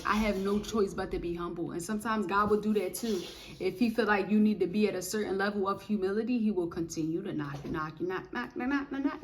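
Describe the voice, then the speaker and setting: Young woman, animated personal testimony with a preachy edge, faint room noise. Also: medium pitch. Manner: animated, preachy, talks straight to viewers. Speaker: testimony speaker. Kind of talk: casual spoken testimony.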